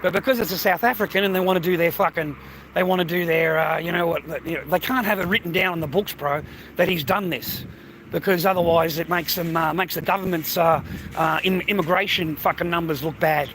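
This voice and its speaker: A man rambles bluntly and profanely into his phone as he walks along a city street on a live stream. His voice sits high and sounds bright and sharp. Faint traffic noise hums behind him. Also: brisk.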